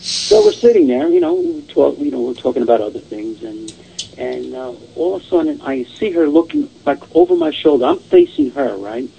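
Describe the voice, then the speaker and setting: A man's voice: medium pitch, huge pitch swings, moderate pace, vocal fry, warm tone, muffled recording, slight background noise. A man casually telling a long ghost story, rambling and repeating "I says" and "she goes".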